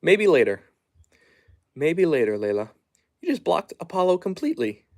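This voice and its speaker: A man casually chatting on a live stream at home, reading viewer comments aloud and softly hushing his dogs. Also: fairly high pitch, wildly swooping pitch, moderate pace. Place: at home, down in the basement.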